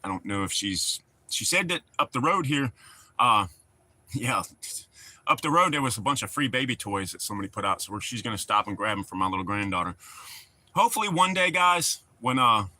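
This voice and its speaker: A man's voice: medium pitch, lively intonation, fairly quick, bright, forceful tone. A middle-aged man, chatting casually and rambling to his livestream viewers. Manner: rambling, folksy, talks to the chat. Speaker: livestream host.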